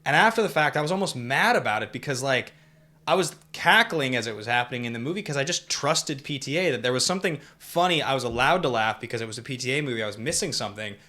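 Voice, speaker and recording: A man co-hosting a podcast, giving candid, animated opinions on a film in casual chat and often saying "like.". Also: medium pitch, fast talker. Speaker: podcast co-host. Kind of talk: casual movie review chat.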